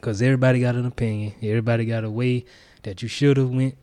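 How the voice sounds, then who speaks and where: Chill dude w a warm dark voice, AAVE, joking around. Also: male voice, mid-range voice, steady tone, quick pace. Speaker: podcast co-host. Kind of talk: casual chat.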